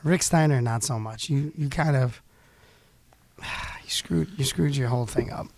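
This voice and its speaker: A man's voice: mid-range voice, brisk, darkish tone. A man hosting a casual radio talk show, joking and laughing, then hyping the sign-off like an announcer, with music playing underneath. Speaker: host.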